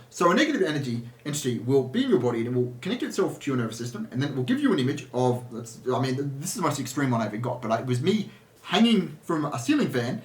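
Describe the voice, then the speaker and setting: A man delivers a rambling, casual monologue as an energy healer, full of restarts and asides. His voice sits a bit high and swings widely in pitch. The room around him rings with echo. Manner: rambling, with many restarts and laughs.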